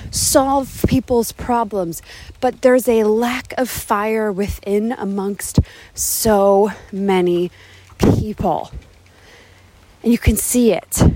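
A woman's voice: on the high side, a little mellow. A woman business coach hosting a motivational podcast, talking emphatically outdoors in the wind, holding her microphone with her hand cupped around it. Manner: enthusiastic, emphatic, repeats phrases for emphasis. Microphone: handheld mic with cupped hand.

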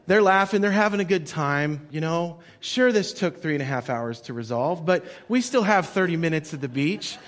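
A man's voice: fairly high pitch, lively intonation, normal speed, few pauses. A male pastor preaching a sermon in a conversational storytelling way, repeating his key points.

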